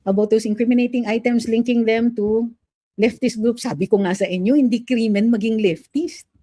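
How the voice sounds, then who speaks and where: Filipino woman, mellow dry voice. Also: fairly high pitch, a little fast, dry recording. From Philippines. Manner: mixes Filipino and English, animated and opinionated. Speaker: lawyer commentator. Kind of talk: casual political commentary.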